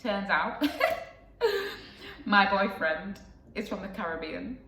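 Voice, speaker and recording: A woman's voice: mid-range voice, unhurried, pushed and bright, reverberant, recorded from a distance. A young woman telling a personal story to camera in a casual, rambling way, with lots of fillers and asides. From England. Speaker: vlogger.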